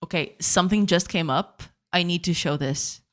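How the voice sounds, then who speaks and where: At a moderate pace and in a voice on the low side, a woman chats casually during a live game-development stream. Frequent laughter and warm replies to her chat fill the session, and she repeats words when she's reaching for them.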